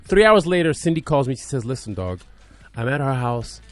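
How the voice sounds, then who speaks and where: A man telling a personal story as a radio guest, animated, acting out voices, swinging from loud to hushed. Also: medium pitch, brisk, soft background music. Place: radio studio.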